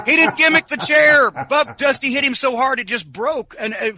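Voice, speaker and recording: A man telling stories in casual chat, animated and profane, acting out quoted lines. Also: extremely high pitch, measured pace. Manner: animated, profane storyteller who acts out quotes. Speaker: podcast co-host. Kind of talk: casual storytelling. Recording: dull lo-fi sound.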